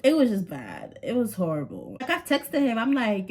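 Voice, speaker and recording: A young woman telling an animated storytime vlog, slangy and talking straight to her viewers. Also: on the high side, normal speed, few pauses, slightly rough. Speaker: vlogger. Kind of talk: storytime vlog, casual chat.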